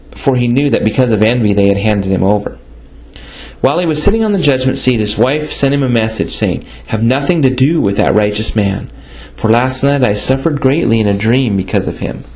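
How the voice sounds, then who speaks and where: A man reading scripture aloud in a steady, plain manner, now and then stumbling over a word and correcting himself. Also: medium pitch, poor audio.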